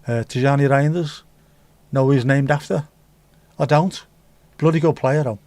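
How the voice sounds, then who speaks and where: On a dry recording, an English livestream host speaks at a moderate pace in a mid-range, slightly mellow voice. He chats casually, reads out comments from viewers and drifts into rambling jokes, swearing freely as he goes.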